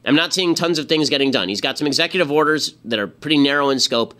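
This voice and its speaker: A man's voice: on the high side, animated, fast talker, pushed and bright. A man in his thirties hosting a political commentary show, talking in a sarcastic, exasperated monologue full of rhetorical questions.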